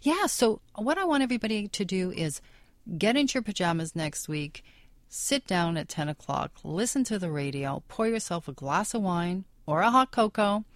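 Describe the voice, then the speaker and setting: A woman's voice: medium pitch, animated, normal speed, no echo. A woman hosting a radio show, chatting in a bubbly, enthusiastic way about local events. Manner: bubbly and enthusiastic, laughs often. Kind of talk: casual radio chat. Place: radio studio.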